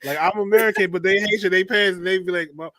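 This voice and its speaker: Bright-voiced man spinning energetic stories. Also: high-pitched, fast talker, no echo. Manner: energetic storytelling, acts out quoted voices. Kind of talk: casual chat.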